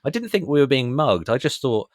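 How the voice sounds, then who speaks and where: A man's voice: mid-range voice, brisk, dry recording. British guy telling a story, voice jumps all over, dry close sound. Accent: British English. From England. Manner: animated storyteller, acts out voices, laughs often. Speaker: podcaster guest. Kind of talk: casual anecdote.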